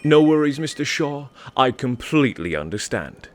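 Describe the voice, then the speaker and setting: A man playing a polite, smooth-talking English phone scammer in a comedy sketch, formal and unflappable, with an English accent. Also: mid-range voice, sing-song, moderate pace, lightly acted. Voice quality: velvet smooth, courteous.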